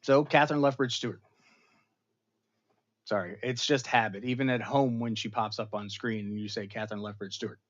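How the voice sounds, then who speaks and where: A man's voice: fairly low pitch, muffled recording. A man hosting a casual episode review, retelling the plot with dramatic emphasis and chatty asides. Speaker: pop culture show host.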